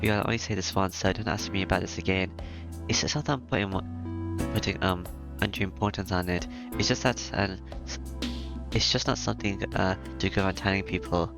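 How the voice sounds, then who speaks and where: A man reading a visual novel aloud in a plain, steady voice, stumbling and restarting now and then. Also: deep voice, a little fast, gravelly. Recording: music playing behind.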